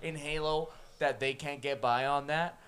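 Man, podcast co-host, slightly high-pitched, jokey, animated. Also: moderate pace, clear, resonant tone. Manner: animated, jokey, swears a lot. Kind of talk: casual chat.

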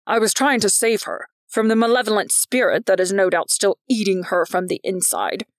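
A woman's voice: medium pitch, steady tone, normal speed, no echo, clean studio sound, natural voice. A woman doing a grave old vice principal. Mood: portentous. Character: stern older male vice principal, solemn and self-important.

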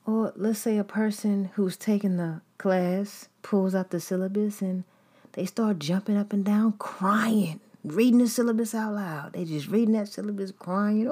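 A woman's voice: medium pitch, measured pace, mellow. Woman preaching in emphatic repetition. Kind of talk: sermon.

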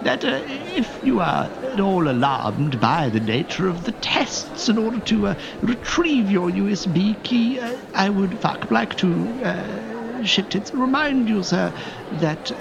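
Guy putting on a squeaky nervous teller, super polite, stammery, dull lo-fi sound. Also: creaky, exaggerated voice. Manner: stammering, overly polite, sputters curses. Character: nervous fussy male bank teller creature.

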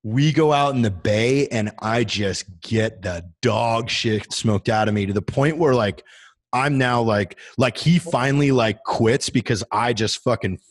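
Man, thirties, veteran guest, casual storytelling, profane, lots of "like" fillers, average pitch. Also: a little slow. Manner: profane, heavy use of "like" fillers.

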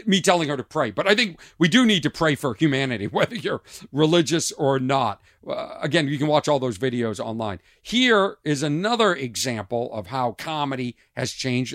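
A man hosting his own podcast, a comedian telling stories in an animated way and acting out exchanges. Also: mid-range voice, dry recording, studio quality. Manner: animated storytelling, acts out exchanges. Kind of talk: casual podcast monologue.

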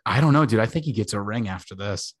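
A young man co-hosting a podcast, telling stories in a profane, joking, animated way. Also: on the low side, quick pace, no room sound. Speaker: podcast co-host. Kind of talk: casual podcast banter.

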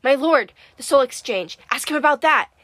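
A woman's voice: high voice, animated, normal speed, fairly bright tone, no room sound, pitched above the performer's own voice. A woman voicing a complaining, servile old male ghost. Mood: urgent. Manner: complaining, fawning.

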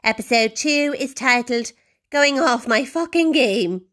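A woman putting on the voice of a formal podcast announcer, slow and grand. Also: high voice, over music, voice pushed up.

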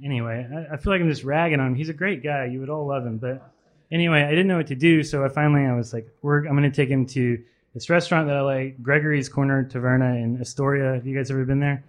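A man's voice: mid-range voice, fairly even intonation, quick pace. A man at a live literary reading in a pub carriage house, nervously telling a rambling anecdote full of ums and restarts. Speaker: author reading at a literary event.

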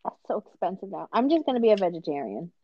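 A woman co-hosting a podcast in casual chat, reacting often with lively exclamations. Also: medium pitch, quick pace, lo-fi sound, slight background noise. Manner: reactive, animated, frequent exclamations. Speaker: podcast co-host.

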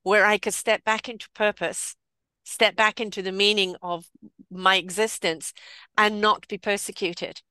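A woman's voice: medium pitch, fairly even intonation, a little slow, sharp tone, clear, resonant tone, dry recording. A woman hosting a casual spiritual conversation over a video call, speaking earnestly and emphatically, often repeating her phrases. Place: home, remote from guest.

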